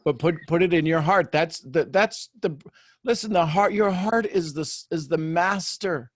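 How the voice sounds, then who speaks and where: A man's voice: fairly high pitch, normal speed, no echo, clean studio sound. A man coaching a woman live, encouraging and emphatic, often repeating phrases. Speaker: host, life coach.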